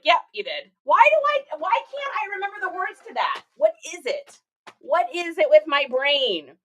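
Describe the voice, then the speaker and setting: A woman's voice: high-pitched, bright, forceful tone, low-quality recording. A woman chatting casually on a livestream while packing orders, reading viewer comments aloud and laughing often. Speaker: reseller streaming live.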